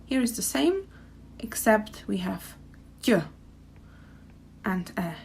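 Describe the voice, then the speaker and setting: A woman's voice: medium pitch, animated, slow, pauses often, a little hiss or hum. A young woman with a Czech accent, teaching pronunciation and repeating words carefully for learners. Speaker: language teacher. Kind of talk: pronunciation lesson.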